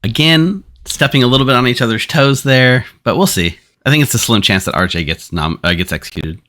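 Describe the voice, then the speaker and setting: A man hosting a streamed game, quickly explaining its rules to players. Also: medium pitch, animated, fairly bright tone. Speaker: game storyteller and stream host. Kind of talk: running a social deduction game on stream.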